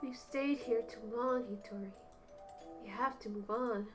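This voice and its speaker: A woman voicing a frail, sickly boy who doubts himself, speaking quietly and hesitantly. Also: a little high, fairly even intonation, measured pace, music in the background, close to an everyday voice. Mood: sad, quiet.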